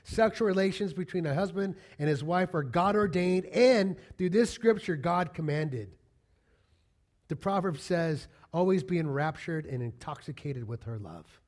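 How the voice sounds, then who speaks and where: A male pastor delivers a sermon in a casual, talky way. His voice sits a bit high for a man. He slips into quick acted-out lines of dialogue to make his points. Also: animated, a little mellow. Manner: conversational preaching with acted-out quotes.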